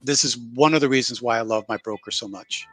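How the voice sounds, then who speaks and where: A man co-hosting a trading livestream, talking in a relaxed, friendly way and calling his partner bro. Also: medium pitch, fast, faint music behind. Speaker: trading co-host. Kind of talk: casual livestream chat.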